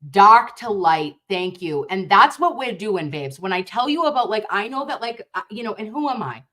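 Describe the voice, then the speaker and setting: Outspoken woman livestream host, nurse by trade; blunt, profane, passionate, quick to outrage while she reads the chat. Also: mid-range voice, animated, a bit bright. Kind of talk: casual livestream chat reading viewer comments.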